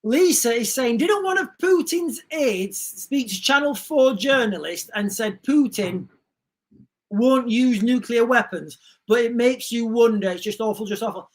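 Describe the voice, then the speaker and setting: A man's voice: extremely high pitch, measured pace. Male livestream host, chatty, rambling, reads out comments. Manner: rambling, restarts often, animated asides. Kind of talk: casual livestream chat reading comments.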